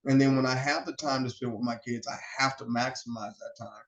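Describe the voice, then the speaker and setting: A man guesting on a podcast, telling stories in a lively, animated way and acting out the quotes. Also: mid-range voice, a little fast, few pauses. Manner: animated storyteller who acts out quotes. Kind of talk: casual storytelling chat. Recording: roomy, slightly dull sound.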